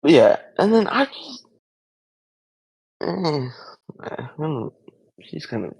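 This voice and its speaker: A man with a gravelly, husky voice chats casually on a podcast, his pitch swinging widely as he reacts. He talks loosely and swears freely. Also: big pitch swings, darkish tone, no room sound, poor audio. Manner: casual, profane, quick reactions. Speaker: podcast co-host. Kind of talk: casual chat.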